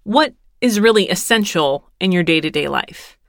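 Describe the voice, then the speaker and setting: A woman's voice: on the low side, animated, moderate pace, dry recording, studio quality. A woman in her thirties from Texas telling a rambling, wry story in casual monologue, swearing lightly and laughing as she goes. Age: 30s.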